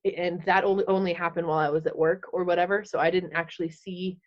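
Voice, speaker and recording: A woman's voice: lowish voice, steady tone, quick pace. A woman in her thirties tells her personal story as a podcast guest, candid and unscripted. She keeps saying "like" and voices her past thoughts as little quoted scenes. The audio sounds a bit dull and lo-fi. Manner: fills speech with "like", acts out her own past thoughts.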